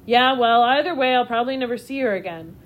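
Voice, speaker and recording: A woman's voice: a little high, fast, phone-quality sound, close to an everyday voice. A woman reading a storybook, voicing an eager young boy who is a shopkeeper's son, in a raised, bouncy voice. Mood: glum.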